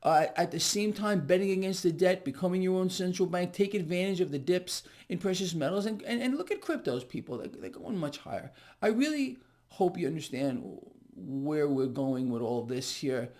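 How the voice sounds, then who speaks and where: A man's voice: sits high, lively intonation, moderate pace, a little mellow. A man delivering market commentary straight to viewers, emphatic and repetitive, often calling them "people". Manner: emphatic, repeats words, addresses viewers as "people". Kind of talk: direct-to-camera market commentary.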